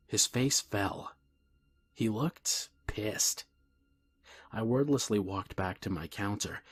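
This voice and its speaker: A man reads a scary story aloud in a calm, measured way. His voice sits low and has a husky edge. At times he drops into a hushed whisper. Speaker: narrator. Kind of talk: scripted horror story narration.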